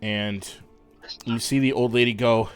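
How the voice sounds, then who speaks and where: A man narrating and running a tabletop fantasy game as game master, in a relaxed, hesitant way. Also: mid-range voice, a little slow, smooth, no echo, soft background music.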